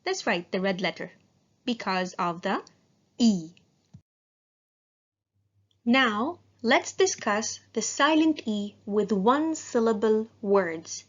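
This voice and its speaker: Female teacher, unhurried, clear word-by-word delivery, slightly muffled lo-fi recording. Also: mid-range voice, lively intonation. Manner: slow, clear, asks the class questions and answers them herself. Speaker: English teacher. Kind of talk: recorded phonics lesson.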